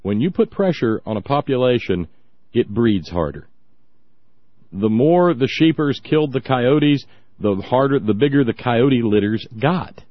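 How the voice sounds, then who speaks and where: A man's voice: medium pitch, expressive, measured pace, no room sound. A man hosting a talk show, mocking the clips he plays and breaking into laughter and silly voices, on a dull lo-fi recording. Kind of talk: sarcastic commentary on clips.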